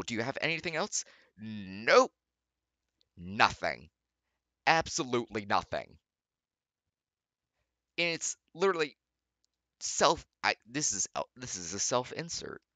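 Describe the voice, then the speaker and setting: A man's voice: medium pitch, bright, forceful tone, no room sound. A young man, the channel's host, reading fanfiction aloud with sarcastic, exasperated commentary and mocking rants at his computer. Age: young adult.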